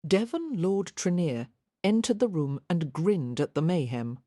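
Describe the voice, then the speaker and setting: A woman narrating a historical romance audiobook in an even, measured reading. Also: fairly low pitch, no echo, studio quality. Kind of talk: scripted narration.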